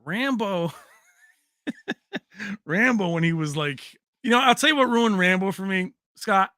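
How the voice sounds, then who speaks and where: A man's voice: high-pitched, animated, unhurried, bright, forceful tone, dry recording, clean studio sound. A man hosting a tech livestream in a casual, chummy way, chatting with viewers and calling them baby. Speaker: tech channel host.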